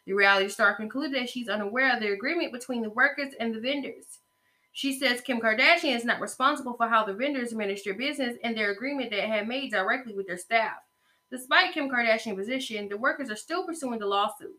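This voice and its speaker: Bright, sassy woman podcast host. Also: on the high side, fast. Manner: chatty, sassy, talks straight to listeners. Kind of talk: casual gossip commentary.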